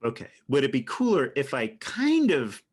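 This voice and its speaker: A man's voice: mid-range voice, wildly swooping pitch, moderate pace, slightly rough. A middle-aged man and father co-hosting a podcast in casual chat, playful and self-mocking, laughing often.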